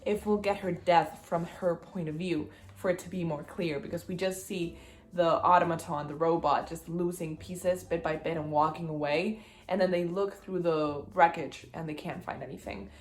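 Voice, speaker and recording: A young woman book vlogger talking casually about a novel, chatty and excitable. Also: on the low side, normal speed. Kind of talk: casual chat. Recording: roomy echo.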